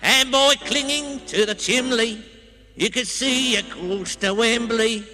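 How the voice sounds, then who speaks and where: A man's voice: extremely high pitch, slow pace. A man voicing a cheeky male fox puppet who sings music-hall songs and tells jokes with bursts of laughter, on a comic record. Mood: jolly singing. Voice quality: chuckling, music-hall sing-song. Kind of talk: comic song and patter record. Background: brass band music.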